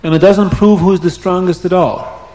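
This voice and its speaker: A man telling a religious story to children, animated and emphatic, slowing down on key words. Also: high voice, slight background noise. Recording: roomy echo.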